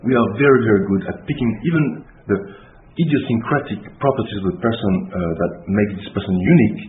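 A man's voice: on the low side, lively intonation, fast. A man explaining research as an interview guest, emphatic with uneven pace. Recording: roomy, tinny lo-fi with faint noise.

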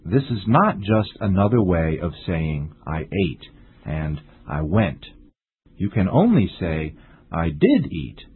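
A man teaching an English lesson in a slow, deliberate, strongly stressed scripted delivery, with a husky voice. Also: deep voice, expressive, no room sound. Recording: tinny lo-fi dry recording.

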